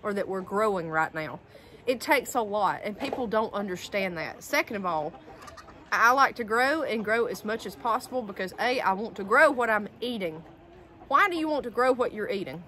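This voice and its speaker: A woman's voice: medium pitch, animated, moderate pace, pushed and bright, a little hiss or hum. A woman, talking outdoors in a casual homestead vlog and repeating words for emphasis. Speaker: homestead vlogger. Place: outdoors by a garden with chickens. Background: chickens and roosters.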